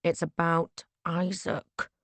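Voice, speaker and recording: A woman doing a drunk, wheedling young gentleman. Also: lowish voice, monotone, slow pace, dry recording, exaggerated voice. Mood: pleading. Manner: hushed, insistent, wheedling. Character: drunk, brazen young gentleman, a pleading father.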